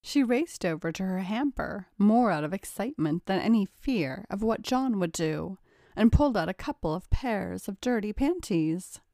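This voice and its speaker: A woman narrates a story in a steady, even-toned way. Her voice sits at a middle pitch, and the recording is dry and close, with no room sound. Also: moderate pace, no room sound. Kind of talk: storybook reading.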